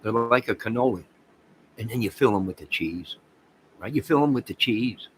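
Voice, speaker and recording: A man hosting a casual livestream, rambling excitedly and talking to viewers by name. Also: fairly low pitch, moderate pace, slight background noise, poor audio. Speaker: livestream host reading chat.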